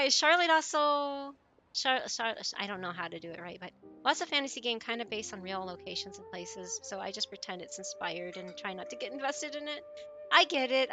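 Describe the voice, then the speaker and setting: Woman, streamer, from the United States, casual chat, reads viewer messages aloud, laughs a lot, bright voice, faint background music. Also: on the high side. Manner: chatty, laughs often, stumbles over names.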